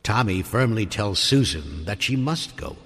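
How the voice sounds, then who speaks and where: A man narrating a spooky story in a theatrical style that swells toward shouting at the climax. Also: on the low side, very animated, a little slow, husky. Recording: reverberant hall with music beneath.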